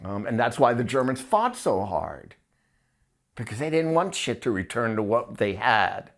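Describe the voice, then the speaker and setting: A man in casual podcast talk, rambling and blunt, his voice climbing high when he gets worked up. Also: sing-song, normal speed. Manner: crude, blunt wording.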